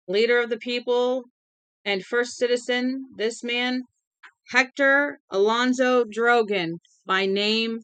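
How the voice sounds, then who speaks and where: A woman voicing a man who reads out an official order in a high, fast, auctioneer-like voice. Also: sharp tone, smooth, no room sound, exaggerated voice. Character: shrill male herald reading a death order.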